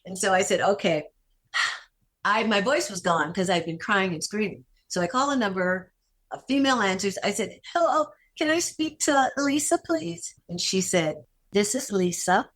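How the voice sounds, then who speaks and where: A woman's voice: mid-range voice, moderate pace, fairly bright tone. An older woman, a guest actress, telling a personal story in a podcast interview, emotional and repeating phrases for emphasis.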